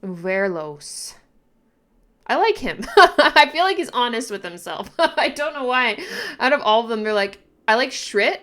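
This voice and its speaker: A woman reacting casually to a manga, thinking aloud with lots of fillers and restarts, and breaking into excited exclamations and giggles. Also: fairly high pitch, a little slow. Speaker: manga reaction channel host.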